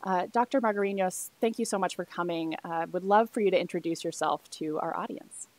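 A young woman hosting a casual science interview over a video call, bubbly and excitable as she introduces her guest. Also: lowish voice, fairly quick. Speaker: host.

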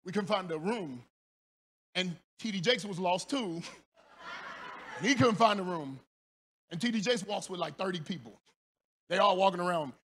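A male pastor preaching a sermon in church, telling stories with shouts, laughter and playful asides to the congregation. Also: high voice, animated, moderate pace, long pauses, slight background noise.

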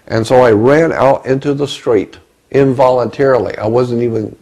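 A man's voice: medium pitch, creaky, a little mellow, low-quality recording. A man, an interview guest, recounting personal experiences in a rambling way and often repeating words as he goes.

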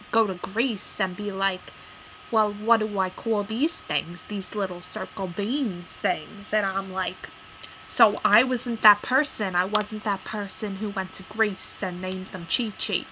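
Woman as a touchy rambling mom, bright voice, all ums and indignant rants, comic monologue. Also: mid-range voice, fairly even intonation, measured pace, a little hiss or hum, rough recording. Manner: rambling, filler-heavy, defensive outbursts. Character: touchy rambling Italian-heritage mother, easily offended. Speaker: character vlogger.

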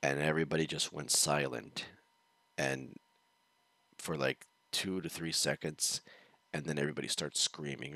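A man with a low, deep voice that still has a bright, forceful edge tells a rambling personal story on a reaction stream. He chuckles often and keeps restarting his sentences. The recording is dry, with no room sound. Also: steady tone, measured pace, pauses often, no room sound. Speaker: reaction show host. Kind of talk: casual storytelling.

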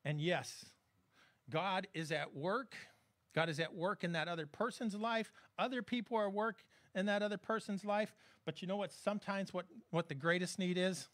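A man's voice: high-pitched, normal speed, a bit bright. A man preaching a sermon as pastor, in a conversational, joking manner that keeps checking in with the congregation. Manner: conversational, humorous preaching with frequent audience check-ins.

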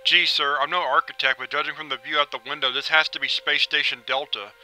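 A man's voice: fairly high pitch, fairly even intonation, fast talker, bright, forceful tone, soft background music, poor audio. A man voicing an eager, polite teenage boy who thinks he is a space cop, full of gee-whiz exclamations.

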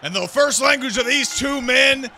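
A man calling wrestling action play by play, loudly and excitedly. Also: very high-pitched, normal speed, faint music behind. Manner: loud, shouting calls of the action. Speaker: play-by-play commentator. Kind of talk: excited wrestling game commentary.

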